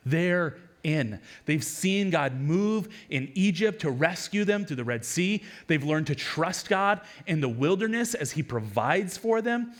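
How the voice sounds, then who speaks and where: A man, a lead pastor, preaching a sermon in a conversational, animated way with quick asides and repeated words. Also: a little high.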